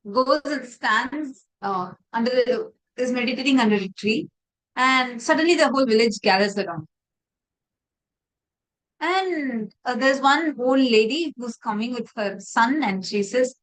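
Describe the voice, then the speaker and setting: A woman leading an online spiritual class, asking her listeners questions and telling a story in an animated way. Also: sits high, measured pace, rough recording. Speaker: spiritual teacher.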